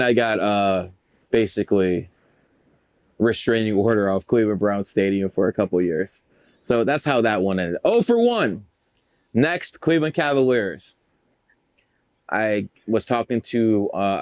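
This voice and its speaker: Profane, boastful low-voiced man. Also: normal speed, no echo. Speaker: guest, numerologist. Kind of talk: casual storytelling interview.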